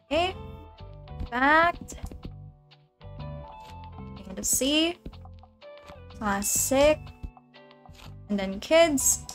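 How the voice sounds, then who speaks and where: A woman's voice: high-pitched, animated, very slow, pauses often, a bit bright, faint music behind. A woman streaming a game, chatting casually to her viewers, giggling and rambling as she plays. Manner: giggly, rambling, talks to chat. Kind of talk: casual gaming stream chat.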